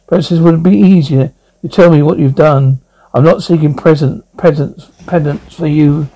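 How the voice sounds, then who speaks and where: A man voicing a calm, measured elderly priest hearing confession in an amateur audio drama. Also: on the high side, poor audio. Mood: stern. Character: elderly male priest, stern and patient.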